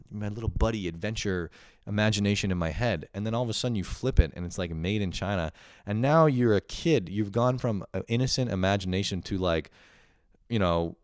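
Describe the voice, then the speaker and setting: Man, casual comedic rant host, swears a lot, laughs often, wired on coffee, lowish voice. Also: clean tone, no echo, studio quality. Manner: profane, excitable, laughs often. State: buzzing on coffee.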